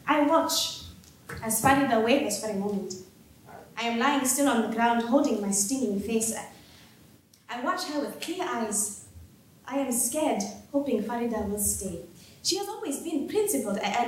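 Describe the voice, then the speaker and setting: Lively woman reading in an echoey theater. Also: on the high side, moderate pace, slight background noise. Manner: expressive, with wry laughs. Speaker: performer of a staged reading. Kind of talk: dramatic first-person storytelling. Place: theater stage. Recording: echoey live theater hall.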